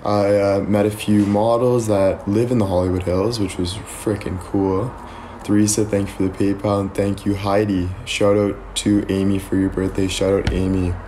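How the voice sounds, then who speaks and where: Young male streamer, lowish mellow voice, laid-back rambling chat, faint hum behind. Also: normal speed. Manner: relaxed, rambling, thanks viewers often. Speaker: live streamer. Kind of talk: casual live-stream chat.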